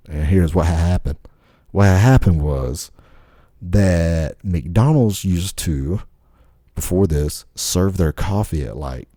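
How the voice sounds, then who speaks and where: A man's voice: low voice, mellow, no room sound, studio quality. A podcast host man in a casual, rambling rant full of crude swearing.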